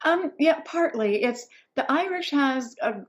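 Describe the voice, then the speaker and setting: Measured woman narrator explaining things. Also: sits high, expressive, lo-fi sound. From the Ozarks, southern United States. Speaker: audiobook narrator, guest. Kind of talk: interview answers. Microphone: remote call on video.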